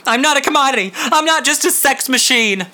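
A man reading aloud, voicing an anguished young man who pleads and shouts in desperation. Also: fairly high pitch, very animated, fairly quick, pitched above the performer's own voice, heavily acted. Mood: anguished, shouting. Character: anguished young man, guilt-torn and frantic.

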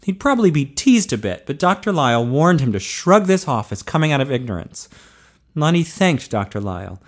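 Man steadily narrating an audiobook. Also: fairly high pitch. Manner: steady, measured reading.

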